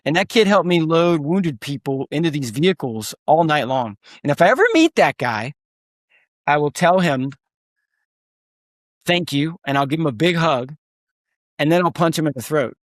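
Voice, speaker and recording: A man's voice: a little high, expressive, a little fast, no room sound, clean studio sound. A man telling war stories as a podcast guest, emphatic and pushing hard on key points. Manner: emphatic, rising to near-shouts at key points. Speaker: guest, combat veteran and speaker. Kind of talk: storytelling interview talk.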